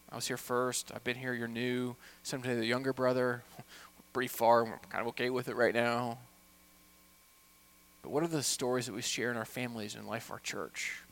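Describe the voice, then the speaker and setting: A man preaching a sermon as a pastor, with impassioned delivery that swings from hushed asides to loud, urgent appeals. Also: medium pitch.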